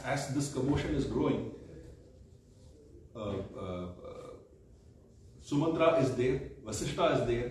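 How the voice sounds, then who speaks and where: A man's voice: mid-range voice, a little mellow, slight background noise. A man teaching a weekly scripture storytelling class in a temple hall, explaining patiently with frequent hesitations. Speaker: religious studies teacher. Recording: echoey temple hall, distant mic.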